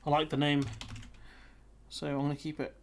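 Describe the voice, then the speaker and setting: Male streamer, a little high-pitched, relaxed and chatty, reacts to his viewers' comments. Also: moderate pace, slight background noise. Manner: chatty, reads viewer comments aloud, runs polls. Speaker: livestream host. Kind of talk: casual live-stream chat.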